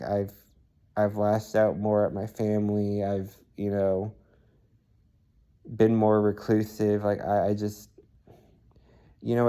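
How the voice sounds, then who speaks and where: A tired man speaks into his camera in a low, mellow voice that barely rises or falls. He talks in a halting way, restarting sentences and filling pauses, like a personal video diary. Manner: halting, soft-spoken, many fillers and restarts. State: weary and tired. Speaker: vlogger.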